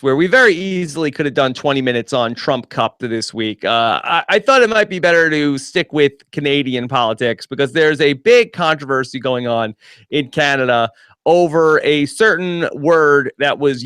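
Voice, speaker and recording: Male podcast host, smooth and clear, light chuckles, dry close sound. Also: a little high, a bit bright, no echo. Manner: laughs often, hesitant with many fillers. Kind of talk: casual news chat.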